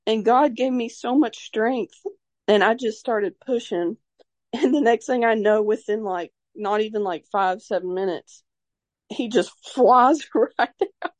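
A woman's voice: fairly high pitch, measured pace, a little mellow, dry recording. A young woman telling a personal story in a casual, rambling way, full of "like" and fillers, emotional and devout in tone. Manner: rambling, heavy use of "like" and fillers; openly emotional and religious in tone. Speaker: mother sharing her birth story.

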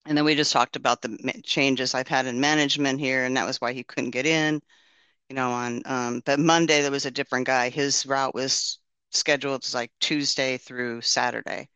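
A man's voice: mid-range voice, steady tone, moderate pace, bright, forceful tone, smooth, no echo. A man casually sharing a testimony and praying, telling his story in an earnest, rambling way with many restarts.

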